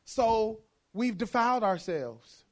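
A man's voice: sits high, animated, takes it slowly. A man preaching a sermon, emphatic and playful, hammering his point with repeated phrases and mimicking how churchgoers talk.

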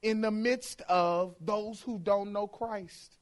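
A man with a notably high voice delivers a sermon from the pulpit. He drives his points home through rhythmic repetition and slips into playful mimicry of churchgoers' talk. His delivery moves between quiet asides and loud, punchy lines. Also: fairly even intonation, slow pace. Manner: emphatic, repeats phrases for effect. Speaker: preacher.

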